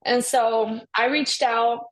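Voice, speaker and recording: A woman's voice: on the high side, fairly even intonation, slow pace, low-quality recording. Young woman, podcast guest, chatty, says like a lot, laughs often. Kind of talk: casual chat.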